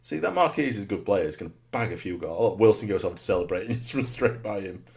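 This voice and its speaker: A low-pitched man talks through his football match as he plays it. His voice swings widely, from grumbling under his breath to yelling, and he keeps asking himself rhetorical questions. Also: fast, creaky. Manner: muttered rhetorical asides with sudden excited shouts. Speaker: gamer commentating his own match. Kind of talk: live gameplay commentary.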